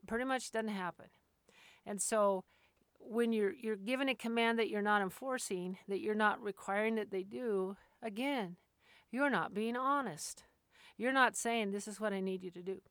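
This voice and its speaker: A woman dog trainer giving casual, plainspoken advice, acting out owners and dogs in quick quoted voices and laughing now and then. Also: medium pitch, fairly bright tone, clean tone, dry recording. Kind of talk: casual instructional talk.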